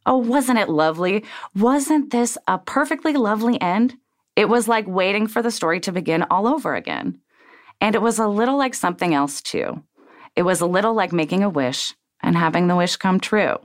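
A woman reading a children's story aloud in a gentle, soothing way. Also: on the low side.

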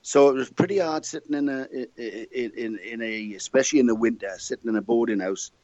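A man's voice: mid-range voice, fast, a little mellow, no echo, dull audio. An older Welsh man chatting as an interview guest, telling jovial stories from his past. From Wales. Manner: chatty, jovial anecdote teller. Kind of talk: casual interview storytelling.

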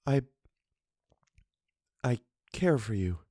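A man voicing a frightened, tender young woman who speaks softly and hushed. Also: a little high, takes it slowly, slightly rough, no echo, clean studio sound, pitched above the performer's own voice. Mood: hushed, fearful. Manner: soft, hushed.

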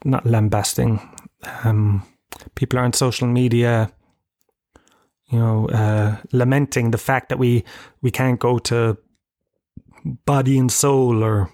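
Hosting a solo podcast, an Irish man in his thirties speaks slowly at a mid-range pitch with a level, darkish tone, telling rambling, swear-laden stories at his own expense. The audio is dry and close, nearly free of room sound.

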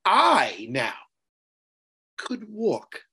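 A man co-hosting a podcast over a video call, talking animatedly and teasing, with loud bursts now and then. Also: high voice, huge pitch swings, extremely slow, slightly rough. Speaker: podcast co-host. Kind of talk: casual chat.

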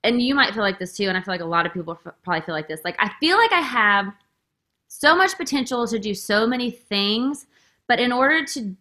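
A woman hosts a podcast and chats openly and effusively in an emotional way. Her talk is full of "like," and her tone is bright and forward. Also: fairly high pitch, expressive, brisk. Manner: emotional, effusive, says "like" constantly. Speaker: podcast host. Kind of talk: casual interview chat.

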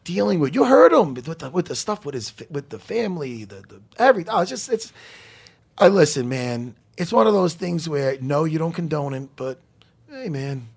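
High gravelly guy on a podcast, all over the place, swears a lot. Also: moderate pace. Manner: animated, swearing, bursts into shouting. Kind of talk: casual chat.

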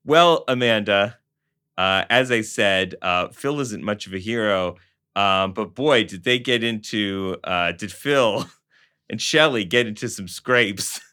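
A man's voice: fairly low pitch, takes it slowly, pushed and bright, smooth. A man co-hosting a casual podcast, reading a novel aloud and chatting, with playful asides and frequent laughter. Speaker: podcast co-host and reader.

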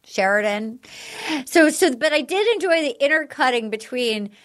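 A woman's voice: sits high, animated, moderate pace. A woman chatting casually as a podcast host, recapping a dating show and acting out quotes in mocking voices.

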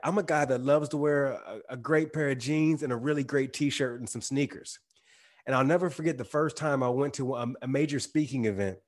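A man with a slight twang, talking casually as an interview guest, using slang and restarting sentences now and then. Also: mid-range voice. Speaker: guest speaker.

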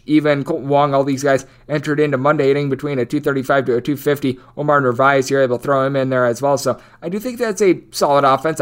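A man giving a rapid, numbers-heavy baseball betting preview as a sports betting analyst. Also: a little high, smooth. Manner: rapid, numbers-heavy delivery with a recurring stock phrase.

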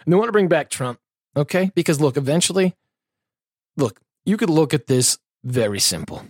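A man's voice: on the high side, very animated, normal speed, breathy edge, no echo, clean studio sound. A man hosting a podcast in an angry, sarcastic and heavily profane comedic rant, full of rambling asides. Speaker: podcast host.

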